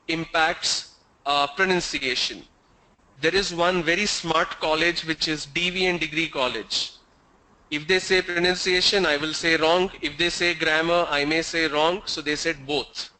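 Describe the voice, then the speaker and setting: A man's voice: on the high side, bright, forceful tone, low-quality recording. A man teaching an online English class over a video call, quizzing students and joking with them. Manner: asks the class questions, teasing and joking. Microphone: video call mic.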